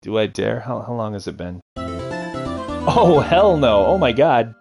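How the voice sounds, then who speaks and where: A man giving casual, chatty commentary while playing a game, laughing often and throwing in quick asides. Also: medium pitch, very animated, vocal fry. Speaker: let's-play streamer. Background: game music.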